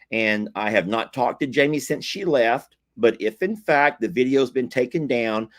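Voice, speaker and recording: A man hosting a casual live stream from home, chatty and giggly, rambling with frequent restarts. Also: mid-range voice. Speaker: livestream host. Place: home, indoors.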